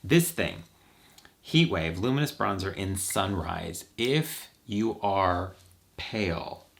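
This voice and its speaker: A man with a low, gravelly voice chats away while he puts on his makeup. He rambles from one thought to the next with campy little asides. It is a relaxed, casual vlog chat. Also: slow. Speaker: makeup vlogger.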